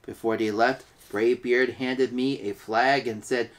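A man's voice: medium pitch, fairly even intonation, measured pace. A man hosting a weekly read-aloud, reading a children's picture book and signing off in an upbeat, playful way. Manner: upbeat, playful sign-offs. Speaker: host reading books aloud.

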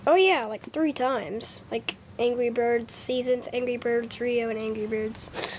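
Performing all the parts of a homemade fan skit alone, a woman switches between high and low voices as the characters squabble. She takes her time, with slight background noise in the recording.

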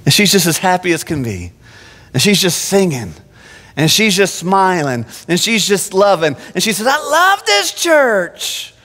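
Male pastor, high pitch, animated sermon delivery, echoing sanctuary. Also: moderate pace. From Phoenix. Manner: animated preaching with frequent restarts. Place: church sanctuary. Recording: long church-hall reverb.

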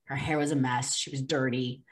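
Low-voiced woman telling a personal story. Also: flat delivery, brisk. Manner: earnest, with many fillers and restarts. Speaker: interview guest.

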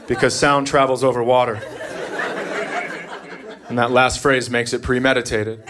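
Exasperated stand-up comic before a crowd. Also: male voice, normal speed, long pauses. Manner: deadpan, exasperated, shifts into shrill voices for his wife and kids. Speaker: stand-up comedian. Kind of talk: stand-up comedy set. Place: comedy club stage, audience laughing. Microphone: handheld stage mic. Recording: live club recording with loud audience. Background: crowd laughter and room noise.

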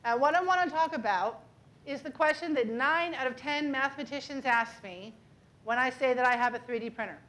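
A woman's voice: sits high, a little fast, fairly bright tone. A middle-aged woman, a mathematician, giving an enthusiastic, chatty public lecture with hands-on demonstrations, often checking in with "okay?" and "right?".

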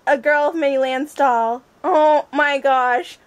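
A woman's voice: sits high, steady tone, takes it slowly. A woman vlogger opening presents on camera and gushing over each one with repeated exclamations. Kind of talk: casual unboxing chat.

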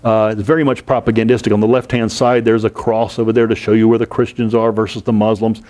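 Man giving a slow, emphatic history lecture. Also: lowish voice, little pitch movement, darkish tone. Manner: explains with repetition and rhetorical questions, slows to stress key terms. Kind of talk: classroom lecture.

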